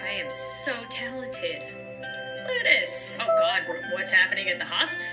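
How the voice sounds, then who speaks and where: A woman's voice: mid-range voice, huge pitch swings, normal speed, over music, rough recording. A woman giving goofy, chatty commentary while playing a pretend doctor game, laughing often. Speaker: gaming YouTuber.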